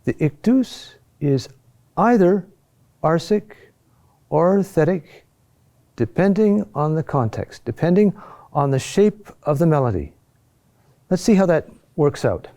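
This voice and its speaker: This chant teacher has a fairly high, warm, animated voice as he lectures at a board. His delivery is halting and repetitive, paced patiently with many pauses and restarts, and he keeps asking "huh?" to check in with the class.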